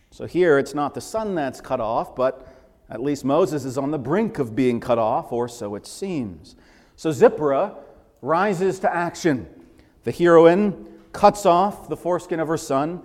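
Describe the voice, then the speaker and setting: A man preaching a sermon, his fairly high voice carrying a long reverb through a large church. He talks conversationally, mixing scripture with asides and light humor. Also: darkish tone. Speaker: pastor.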